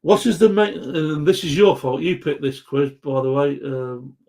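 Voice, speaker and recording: A man's voice: a little high, moderate pace, gravelly, darkish tone. A man hosting a live quiz chat, reading out viewers' answers in a rambling, jokey way and stumbling over words.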